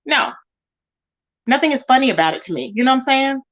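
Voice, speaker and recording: Woman livestream host, high voice, chatty and emphatic, reads comments and greets viewers. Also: animated, brisk, a bit bright, highs cut off. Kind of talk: casual livestream chat.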